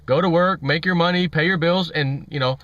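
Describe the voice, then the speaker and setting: A man's voice: fairly high pitch, fairly quick, a bit bright, dry recording. A man hosting an opinionated financial commentary vlog, ranting and repeating himself with scorn. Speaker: vlog host. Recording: dull lo-fi audio.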